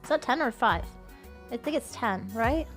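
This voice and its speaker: A woman streamer chatting casually with her viewers. She is excitable, swears often and shrieks when she thanks people for gifts. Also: fairly high pitch, moderate pace, soft background music. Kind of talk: casual livestream chat.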